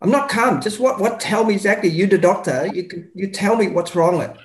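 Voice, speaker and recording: A man playing the angry, grieving mother of a patient in a medical role-play, loud and insistent. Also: sits high, fairly quick, natural voice. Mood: angry, distraught. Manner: loud, insistent, repeating demands. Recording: roomy echo.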